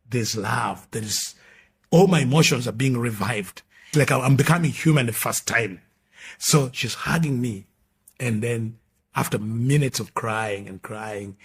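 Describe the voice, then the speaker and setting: A middle-aged male pastor, giving his testimony as an emphatic storyteller who swings between loud and hushed. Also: mid-range voice. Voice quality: very husky. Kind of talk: testimony sermon.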